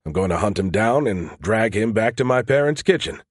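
A man's voice: fairly low pitch, lively intonation, moderate pace, no room sound. A man voicing a wry, grumbling man with sour, dry humor in an audiobook.

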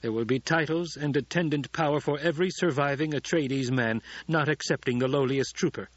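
A man's voice: on the high side, fairly quick, dry recording, dull audio, voice pushed up, natural voice. A man voicing a commanding, calculating young male ruler with clipped delivery.

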